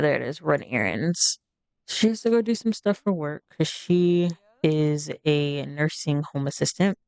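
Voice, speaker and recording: Her voice sits low, with a darkish, clear and resonant tone, recorded without echo. She's a streamer talking casually over her life-sim game, rambling and chatty, full of fillers and side comments in typical let's-play style.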